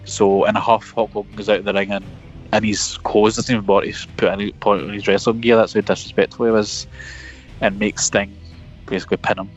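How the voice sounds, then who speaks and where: A man's voice: fairly low pitch, flat delivery, fairly quick, soft background music. Guy talking from his car, jokey and rambly, kinda muffled sound. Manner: jokey, rambling, laughs at himself. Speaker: podcast co-host. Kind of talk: casual chat about wrestling history. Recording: dull lo-fi remote audio.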